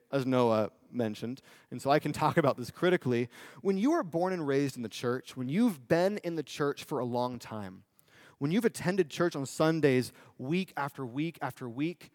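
A male preacher giving a sermon in a conversational style, often asking the audience "right?" and slowing down for emphasis. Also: medium pitch, darkish tone, no echo, clean studio sound. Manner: conversational, with tag questions and emphatic slowdowns.

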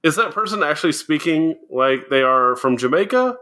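A man's voice: on the high side, animated, normal speed, sharp tone. A man co-hosting a casual podcast chat, explaining things and often laughing as he goes. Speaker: podcast co-host.

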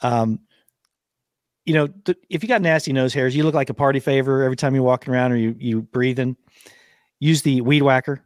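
A man co-hosting a podcast in a loose, folksy way, cracking jokes and laughing as he goes. His voice sits at an ordinary pitch, close on a studio mic in a dry room with no echo. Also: brisk. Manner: joking, laughs often, folksy. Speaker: podcast co-host. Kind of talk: casual chat with ad read. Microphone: studio microphone.

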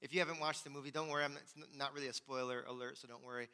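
A man's voice: mid-range voice, steady tone, rapid-fire, sharp tone. A male pastor preaching a conversational, emphatic sermon, often checking in with "right?". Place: church sanctuary. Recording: long hall reverb.

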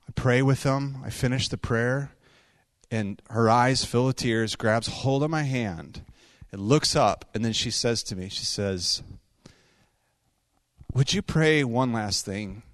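A man's voice: medium pitch, no echo, studio quality. Man preaching in a storytelling voice. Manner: conversational, animated storytelling with quick asides and laughs. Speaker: pastor. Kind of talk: sermon storytelling.

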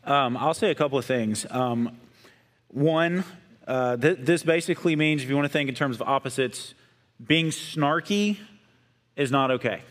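Earnest measured man, mid pitch. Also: fairly bright tone, long reverb tail. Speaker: co-host of a Bible discussion. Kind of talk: casual discussion.

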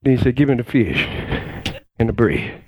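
A middle-aged man preaching a sermon as pastor. He shouts exclamations, calls for response from the congregation, and stretches out key phrases for emphasis. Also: mid-range voice, very animated, moderate pace, lo-fi sound, very noisy.

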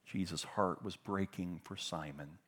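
Brief: middle-aged male pastor, fairly low voice, fervent sermon delivery that swells loud then drops to a hush. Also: steady tone, unhurried, breathy edge. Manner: impassioned, swings between loud emphatic bursts and hushed tender lines.

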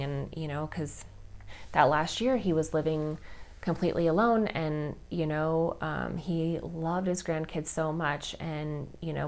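A woman hosting a podcast, telling a personal story in a casual, chatty way, soft and tender, with lots of "like" and "you know". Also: sits low. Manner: soft and tender when talking about grief. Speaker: podcast host.

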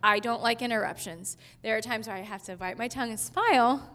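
A female pastor in her thirties delivers a conversational sermon in a chatty way, laughing often and leaning on lots of fillers. Her voice is on the high side, brisk, and fairly bright.

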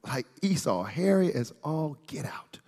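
A man preaching who puts on the voice of an old blind father, talking low and hushed with a puzzled drawl. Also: sing-song, unhurried, long reverb tail.

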